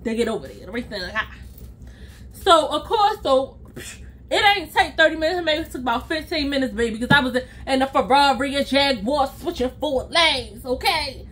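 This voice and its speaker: High-voiced woman telling a wild story. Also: fairly quick. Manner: animated, with sound effects and acted-out quotes. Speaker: vlogger. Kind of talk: storytime vlog.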